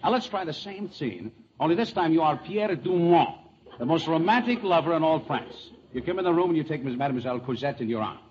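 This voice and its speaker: A jovial man hosts a 1940s radio comedy, his fairly high voice bouncing up and down. He is quick to laugh. The broadcast sounds dull and old, with faint hiss. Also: lively intonation. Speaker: comedy show host.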